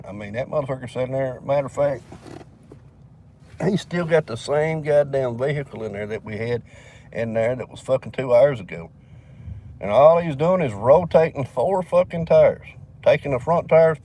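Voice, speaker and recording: A man's voice: medium pitch, darkish tone. Guy ranting into his phone, cussing a lot, lots of traffic noise around. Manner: profane, rambling, quotes others with "I said, he said". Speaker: vlogger. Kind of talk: casual storytelling vlog. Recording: noisy phone recording near traffic.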